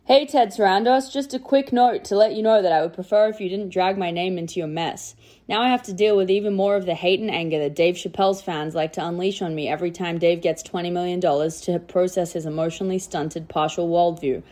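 A woman's voice: on the low side, fairly even intonation, brisk, dark tone. A woman with an Australian accent, a guest correspondent reading a letter aloud with a blunt, sardonic delivery.

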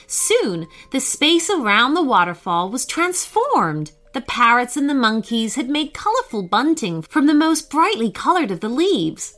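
A woman reading a children's story aloud, expressive, giving voices to each character. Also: on the high side.

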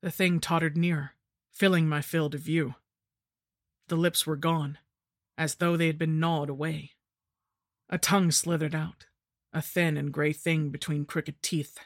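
A woman narrating a horror story in the first person, with a measured, grim delivery. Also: sits low, flat delivery, no room sound, clean studio sound. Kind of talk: scripted narration.

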